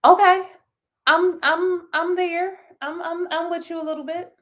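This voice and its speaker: A woman co-hosting a casual podcast chat, animated, laughing often and restarting her words. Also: very high-pitched, measured pace. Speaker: podcast co-host.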